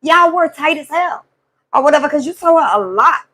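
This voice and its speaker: High-voiced woman venting. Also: normal speed. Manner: animated, profane storytelling to a live chat. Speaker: live stream host. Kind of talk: casual venting monologue.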